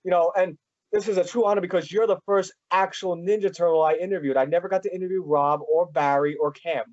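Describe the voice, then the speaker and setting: A man's voice: high voice, steady tone, quick pace. A young man hosting an interview, eager and rambling with many fillers. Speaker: podcast host. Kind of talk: casual interview chat. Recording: dull lo-fi sound.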